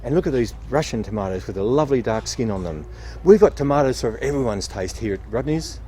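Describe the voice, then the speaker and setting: A man working as a nurseryman, explaining gardening steps with patient, cheerful energy. His pitch moves a lot as he talks, and faint outdoor traffic sits behind him. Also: lively intonation, fast talker, dark tone. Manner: patient, upbeat explaining while digging and planting. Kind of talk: garden how-to demonstration.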